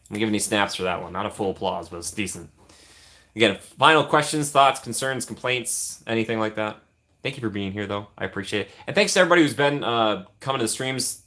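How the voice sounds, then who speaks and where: Man, streamer, casual live chat, jokey asides, bright tone. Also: fairly low pitch, fairly quick. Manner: jokey, thanks chat often, trails off into asides.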